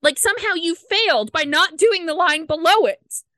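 A woman's voice: very high-pitched, normal speed, a bit bright, no echo. A woman co-hosting a podcast, explaining earnestly in casual chat and quoting conversations. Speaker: podcast co-host.

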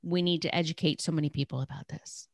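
A woman's voice: low-pitched, fairly even intonation, fast talker, a little mellow, no room sound, studio quality. A woman hosting an interview, asking questions in an encouraging, affirming way. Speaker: podcast host, interviewer. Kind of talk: conversational interview.

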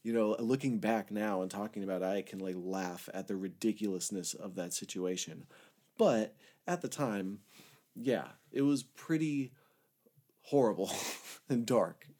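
A man casually telling a personal story in a rambling, candid way, swearing a lot and shifting between loud outbursts and low mutters. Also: moderate pace. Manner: rambling, candid, heavy swearing, frequent "like" fillers. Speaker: storyteller recounting his own past.

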